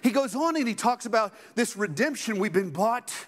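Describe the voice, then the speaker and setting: A man from the States, preaching an animated, emphatic sermon with joking asides. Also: high voice, moderate pace, big-room sound. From Southern United States. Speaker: pastor. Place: church sanctuary.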